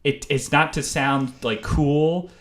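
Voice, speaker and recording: A man's voice: fairly high pitch, steady tone, fairly bright tone. Joking male podcast host. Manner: joking, provocative, quick asides. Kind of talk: casual chat.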